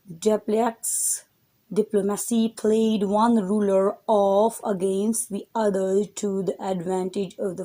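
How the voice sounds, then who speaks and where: Slow-reading woman teacher. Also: mid-range voice. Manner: reads text aloud, then explains words; addresses her students directly. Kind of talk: textbook reading and explanation.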